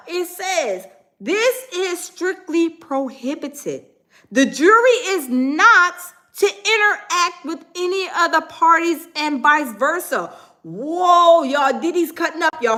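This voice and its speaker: An excitable woman hosting a live stream talks through breaking news in a high voice. She chats loosely with her viewers and slows down to read headlines aloud. Her tone is bright and sharp. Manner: excitable, chatty, reads headlines aloud slowly. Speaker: livestream host.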